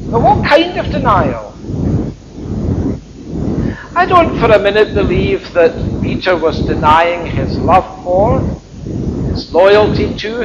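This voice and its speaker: A man with a high voice retells a story as a sermon in a reflective, colloquial way. The recording is dull and muffled, and loud wind noise rushes across the mic. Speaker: preacher.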